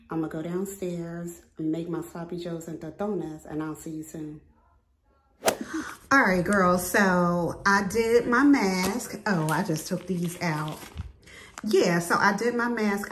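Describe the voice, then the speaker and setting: A woman's voice: medium pitch, a little hiss or hum. A woman chatting casually to camera as a beauty vlogger, laughing often and calling her viewers "girl", sitting in her home bathroom.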